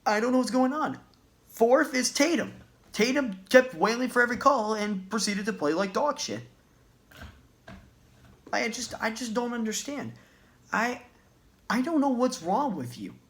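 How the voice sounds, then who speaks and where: A man's voice: extremely high pitch, lively intonation, measured pace, pauses often, fairly bright tone. A man ranting as a basketball fan in a vlog, agitated, profane and repeating himself. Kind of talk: sports rant vlog.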